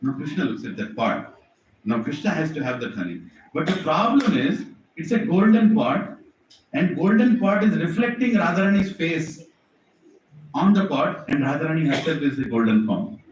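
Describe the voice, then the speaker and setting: A man preaches a devotional story, animated and questioning his listeners, his pitch swinging widely and sitting a bit high. The sound is distant and dull, ringing through a big echoey temple hall with faint ambience. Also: normal speed, a little hiss or hum. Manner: animated, asks the audience questions.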